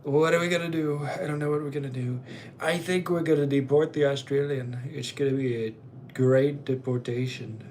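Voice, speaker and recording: A man's voice: mid-range voice, fairly even intonation, normal speed, a little mellow, voice pushed up, close to an everyday voice. Man putting on a brash, boastful older politician, blustering and repetitive, with faint background hiss. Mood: mock alarm.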